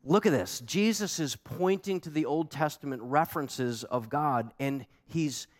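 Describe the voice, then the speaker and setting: A man preaching a sermon as a pastor, animated and emphatic, asking the congregation pointed questions. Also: a little high, measured pace. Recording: long hall reverb.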